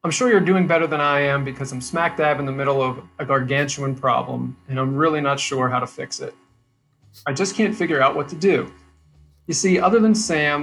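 A man's voice: mid-range voice, fairly bright tone, lightly acted. Clarissa, a man reading as a fretful teenage girl. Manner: earnest, chatty monologue. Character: worried teenage girl with a pet alligator.

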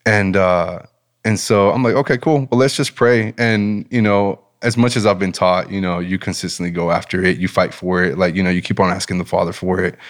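A man guest telling a personal story in a casual interview, animated and enthusiastic, with a relaxed manner. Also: deep voice, fairly quick. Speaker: business owner and guest.

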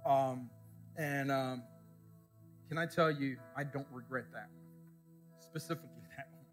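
A man's voice: mid-range voice, steady tone, a little slow, faint music behind. A man preaching a sermon as pastor before a congregation, telling stories and calling out questions for the people to answer. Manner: storytelling, call-and-response questions to the congregation. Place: church service before a congregation.

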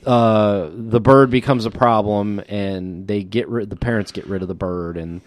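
A man's voice: lowish voice, fairly even intonation, moderate pace, no echo. A man co-hosting a podcast, talking in a laid-back casual way, often restarting his sentences. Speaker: podcast co-host. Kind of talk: casual chat.

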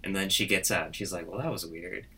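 Low-voiced man rambling through a story. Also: steady tone, fast talker, pushed and bright, husky. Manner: rambling, full of "like" and quoted voices. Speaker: storyteller pitching a story idea. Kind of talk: casual chat, retelling a story.

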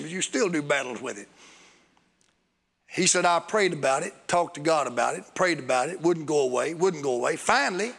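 Gravelly preacher in an echoey hall. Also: male voice, a little high. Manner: storytelling, rising to excited bursts. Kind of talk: sermon. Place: church hall.

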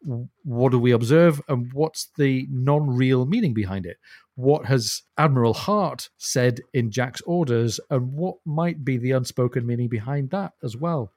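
A man's voice: medium pitch, measured pace, darkish tone, no echo. Thoughtful man explaining in a dry studio. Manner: thoughtful, explanatory, chuckles often. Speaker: podcast co-host. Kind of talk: casual book discussion.

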